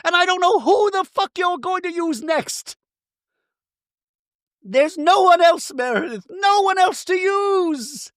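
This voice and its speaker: A shrill, enraged reality-show woman, as a man puts her on hurls cursing accusations in a high, strained voice. Her pitch sits well above his own, climbing toward shouts. The sound is close and dry. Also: animated, takes it slowly, dry recording, heavily acted. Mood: furious. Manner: heated accusatory ranting with heavy cursing. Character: furious woman reality star, confrontational.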